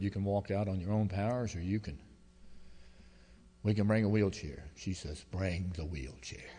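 Folksy pastor preaching in a reverberant church. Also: male voice, on the low side. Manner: folksy, emotional storytelling with swings from loud to hushed. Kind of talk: sermon. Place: church sanctuary. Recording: long hall reverb.

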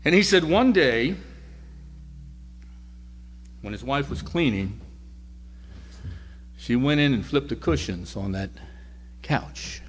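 A man preaching a sermon, telling a story in a conversational way and moving between loud lines and near-whispers. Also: mid-range voice, expressive, slow pace, pauses often, slightly rough.

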